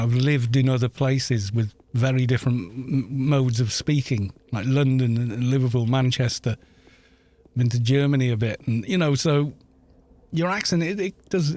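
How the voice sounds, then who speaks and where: A man's voice: mid-range voice, moderate pace, dark tone. A man from Wales chatting casually on a gaming live stream, rambling, laughing often and swearing at the game.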